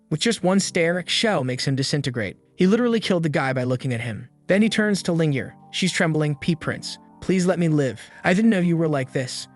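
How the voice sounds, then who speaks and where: A man narrating a comic recap in a casual, wisecracking storytelling manner. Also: a little high.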